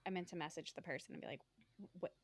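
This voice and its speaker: A woman's voice: sits low, rapid-fire. A woman co-hosting a book podcast, chatting casually and asking follow-up questions. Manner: upbeat, asks follow-up questions. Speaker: podcast co-host. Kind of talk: casual chat.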